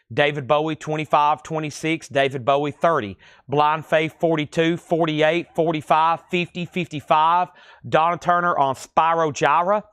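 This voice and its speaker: A man with a lilting Tennessee accent hosting a live-stream record sale, reading titles, conditions and prices in a steady, easy patter. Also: fairly high pitch, clear, resonant tone, dry recording, clean studio sound. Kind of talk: live-stream auction selling.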